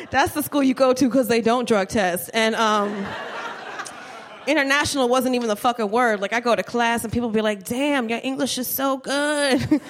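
A woman from New Jersey performing a stand-up comedy set, telling brash, profane, animated stories on a club stage mic. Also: a little high, normal speed. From New Jersey, USA.

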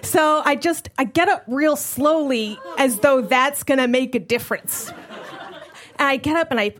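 High-voiced woman telling a stand-up story. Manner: animated, laughing through the story. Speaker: stand-up comedian.

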